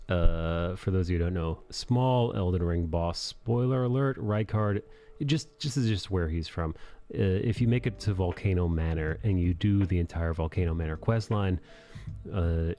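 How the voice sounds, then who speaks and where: Man, stream host, casual chat, joking, swears, mellow voice, low pitch. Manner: laid-back, swearing, joking.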